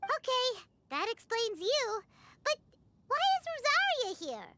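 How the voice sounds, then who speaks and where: A woman's voice: very high voice, sing-song, measured pace, pushed and bright, full character voice. A woman voicing a tiny, bubbly fairy companion girl for a game, who talks about herself in the third person. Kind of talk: game voice acting. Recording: noisy game audio capture.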